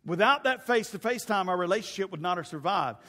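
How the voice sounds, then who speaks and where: Middle-aged male pastor, high voice, lively humorous sermon delivery, big reverberant church hall. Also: quick pace. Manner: animated, humorous storytelling with shouted asides. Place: church sanctuary.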